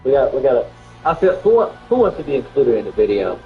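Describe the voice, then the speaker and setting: A man's voice: mid-range voice, sing-song, quick pace, phone-quality sound. A man streaming live, ranting in outrage and repeating himself as he reacts. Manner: indignant, repetitive, ranting. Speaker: game streamer. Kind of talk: livestream reaction rant. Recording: echoey room with faint music.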